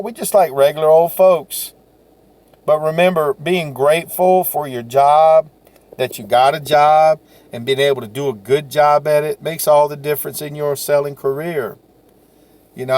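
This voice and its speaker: A man's voice: mid-range voice, darkish tone. A salesman giving a folksy, repetitive, encouraging motivational talk to camera.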